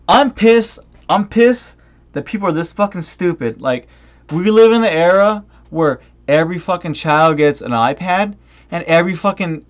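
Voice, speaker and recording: A tipsy young man ranting on a stream, swearing heavily, restarting often and drifting off on tangents. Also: sits high.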